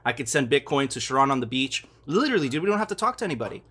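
A man's voice: mid-range voice, very animated, very fast, bright, forceful tone. Profane, emphatic man in casual chat. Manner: profane, emphatic, keeps asking "right?".

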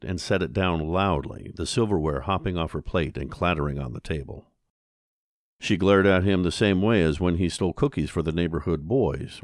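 A man reading an audiobook in a slow, measured storytelling voice. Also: low-pitched, no room sound, clean studio sound. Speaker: narrator. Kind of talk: audiobook narration.

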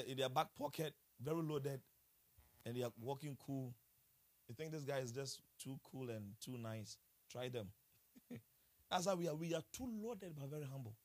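A man preaching a sermon in an animated way, exclaiming, laughing and putting questions to his listeners. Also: fairly high pitch, husky.

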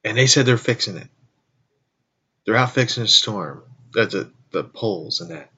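A man imitating his exasperated father, who complains loudly and whines in a raised voice. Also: lowish voice, animated, normal speed, slightly rough, dull audio, full character voice. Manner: whiny, complaining, loud. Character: grumbling exasperated middle-aged dad.

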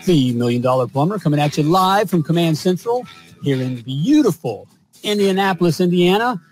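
A man's voice: a little high, animated, fairly quick, a little mellow, faint music behind, rough recording. A man hosting a podcast with boastful, hyped energy and lots of fillers. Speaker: podcast host.

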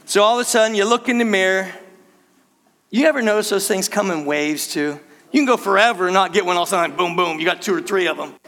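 An older man preaching a sermon to his church in a playful, conversational way with quick asides. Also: high-pitched, a bit bright, long reverb tail. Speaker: pastor. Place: church sanctuary.

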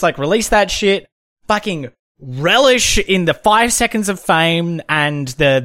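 A man's voice: on the high side, a bit bright, no room sound. A man co-hosting a casual film podcast, talking animatedly, swearing freely and laughing often. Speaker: podcast co-host.

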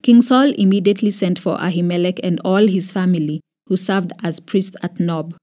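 Kenyan woman, audio Bible narrator, measured and expressive, warm mellow tone. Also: on the low side. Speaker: Bible reader. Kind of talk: scripted scripture narration.

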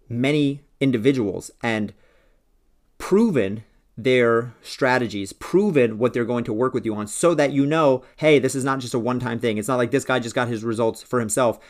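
A man's voice: medium pitch, darkish tone. A man hosting a solo podcast, speaking in an earnest, persuasive way about working with a coach. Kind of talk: solo motivational podcast talk.

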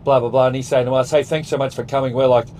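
A man's voice: medium pitch, fairly even intonation, very fast, darkish tone, a little hiss or hum, poor audio. A man with an Australian accent, co-hosting a podcast in casual chat, talking in an earnest, reflective way. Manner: earnest, reflective, praises at length. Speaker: podcast co-host.

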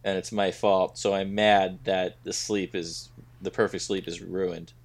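A man's voice: low-pitched, level tone, a little slow. A man co-hosting a podcast in casual chat, making dry jokes and puns. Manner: dry, joking, punning. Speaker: podcast co-host.

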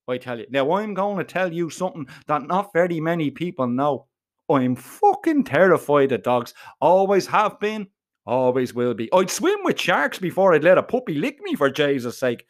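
High-voiced man spinning a yarn. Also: moderate pace. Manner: profane, slangy, animated. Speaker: storyteller. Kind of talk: comic first-person storytelling.

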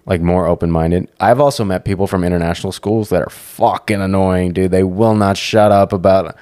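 A man's voice: low voice, steady tone, brisk, dark tone. A man hosting a podcast and chatting casually, rambling and swearing a lot.

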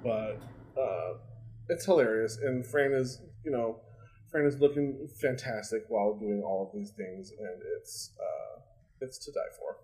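A man's voice: lowish voice, measured pace, darkish tone, rough recording. A man co-hosting a podcast, chatting casually with lots of fillers, swearing and laughter. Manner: rambling, filler-heavy, swears freely, laughs often. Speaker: podcast co-host. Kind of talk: casual chat recapping a sitcom.

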